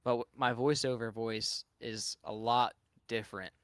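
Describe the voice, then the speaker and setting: A man's voice: mid-range voice, steady tone, a little slow, a bit bright, clear, resonant tone, no room sound. A man from Louisiana with a Southern accent, talking in a casual live-stream chat and rambling through his thoughts with frequent restarts. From Louisiana, USA. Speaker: guest streamer.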